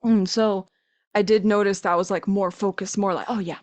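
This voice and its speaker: A young woman chatting as a podcast guest, telling lively stories from her own life. She acts out the voices of people she quotes and laughs often. Her pitch sits in the middle for a woman. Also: a little fast. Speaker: podcast guest, language coach. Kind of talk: casual conversation.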